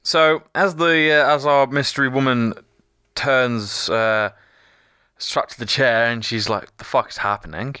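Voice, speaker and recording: Man co-hosting a recap, with a tense, bright edge and a plain mid voice; he narrates the plot step by step. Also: mid-range voice, steady tone, slow, clear, resonant tone, no room sound, clean studio sound. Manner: narrates the plot in detail, sweary asides. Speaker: podcast co-host. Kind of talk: casual chat recapping a TV episode.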